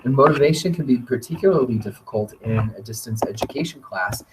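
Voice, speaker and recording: A man presenting a teacher training webinar, talking in a relaxed conversational way with occasional fillers. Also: mid-range voice, fast, background noise. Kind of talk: webinar lecture. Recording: voice distant from the mic.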